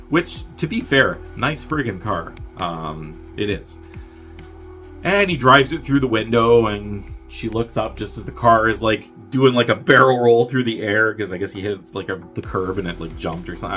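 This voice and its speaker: A man's voice: fairly low pitch, fairly bright tone. A man hosting a movie review show, casually recapping a film in a rambling, wry, filler-heavy way. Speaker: movie review podcast host.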